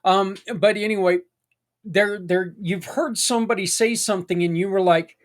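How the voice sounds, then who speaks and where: A man's voice: high voice, steady tone, moderate pace. Folksy man hosting a podcast. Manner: conversational, folksy, rambling with asides. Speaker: podcast host. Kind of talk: casual monologue.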